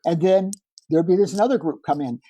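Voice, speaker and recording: A middle-aged man, a podcast guest, telling a personal story in a lively way and acting out the dialogue. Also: a little high, fairly quick, slightly rough, no room sound, muffled recording. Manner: animated, acts out quoted dialogue. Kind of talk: conversational storytelling.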